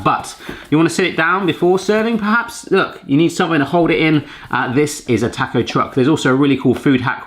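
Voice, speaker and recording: A cooking gadget reviewer with a slightly bright voice on the high side tests kitchen gadgets in a casual vlog, joking playfully and talking straight to his viewers.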